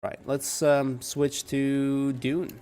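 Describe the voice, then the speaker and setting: A young man with a calm, soft-spoken manner chatting casually with viewers while playing a game at home. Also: mid-range voice, extremely slow, faint music behind. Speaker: gaming streamer. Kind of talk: casual live game commentary. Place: home room.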